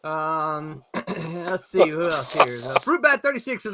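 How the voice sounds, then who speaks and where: A man's voice: fairly high pitch, sing-song, a little slow, a loud crowd. A middle-aged man hosting a casual live stream, laughing often and reading viewer comments aloud over his desktop call mic. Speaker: host of a live comics stream. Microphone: desktop mic on a video call.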